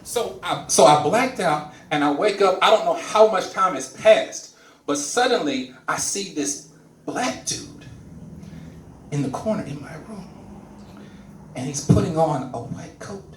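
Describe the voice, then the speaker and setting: A high-pitched, unhurried man does a stand-up comedy set at a comedy club, animatedly narrating a story and performing the characters in it. The live-venue mic is distant and roomy, with slight background noise.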